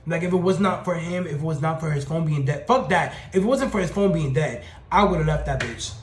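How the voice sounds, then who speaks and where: A young man telling a storytime tale in an animated, profane, slang-heavy and sassy way. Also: a little high, brisk. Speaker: storytime vlogger. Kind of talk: casual storytelling rant. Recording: roomy echoey room.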